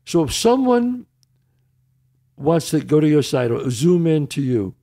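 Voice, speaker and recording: A man hosting a relaxed talk show, with a slightly high voice that rises and falls a lot as he asks questions. He jumps in with quick reactions and musings. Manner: chatty, interjecting with quick reactions. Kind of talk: casual interview chat.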